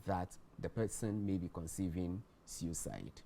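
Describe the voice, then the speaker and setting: A man with a Ghanaian English accent, a guest explaining warning signs in a measured way, repeating key words for emphasis. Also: sits low, lively intonation, gravelly, warm tone, a little hiss or hum. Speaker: guest expert on mental health. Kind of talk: explanatory studio talk.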